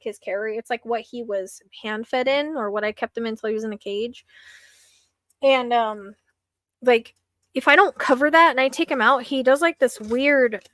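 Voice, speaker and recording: A woman's voice: fairly high pitch, fairly bright tone, no echo. A young woman hosting a late-night psychic live stream from home, rambling with lots of fillers and sounding a little anxious.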